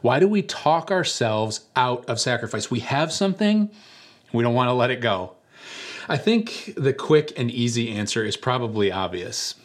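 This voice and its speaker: A male pastor delivers a sermon in a relaxed, conversational way. He tells stories with a light touch and now and then acts out the people in them. His voice sits at an ordinary middle pitch. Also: moderate pace. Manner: conversational storytelling with animated voices for quoted characters.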